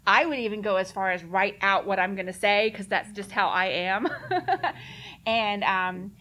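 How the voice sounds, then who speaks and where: A woman's voice: mid-range voice, animated, a little slow, bright, forceful tone, a little hiss or hum. Earnest, direct woman speaker. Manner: earnest and direct, laughs often. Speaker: conference speaker answering questions. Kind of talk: casual Q&A talk.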